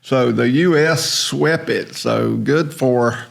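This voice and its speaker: A man's voice: medium pitch, takes it slowly, creaky. An older man hosting a casual podcast chat, rambling along in a folksy storytelling way. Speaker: host.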